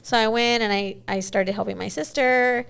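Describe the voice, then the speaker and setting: A woman's voice: a little high, fairly even intonation, normal speed, gravelly, a bit bright, clean tone. A woman in her forties, a guest in a casual interview, telling stories in a chatty way with many "you know"s.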